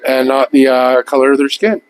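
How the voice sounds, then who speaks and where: A man's voice: mid-range voice, fairly even intonation, brisk, a crowd in the background, rough recording. A man co-hosting a casual podcast, crude and joking, often laughing at his own jokes. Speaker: podcast co-host. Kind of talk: casual banter.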